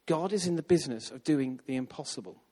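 A man telling a story in a sermon, lively and acting out the voices of the people in it. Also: fairly high pitch, fast. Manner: animated, acts out quoted voices. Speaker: preacher. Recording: long hall reverb.

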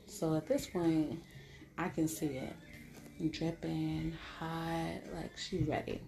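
A woman's voice: sits low, flat delivery, slow pace, gravelly, over music. A woman telling a candid story to her viewers in a casual, blunt way, with a lot of "like". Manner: candid, blunt, heavy use of filler "like".

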